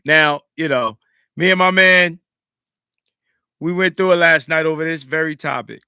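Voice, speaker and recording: Host type: man, high and very bright voice, emphatic casual commentary, dry close mic. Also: moderate pace, smooth, no echo. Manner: animated, emphatic, swings between loud and hushed. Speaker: podcast host reacting to a clip.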